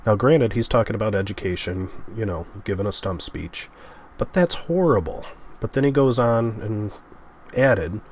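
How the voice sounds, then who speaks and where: A man's voice: lowish voice, moderate pace, slight background noise. A man giving political commentary in a vlog, sarcastic in tone and sighing between his points.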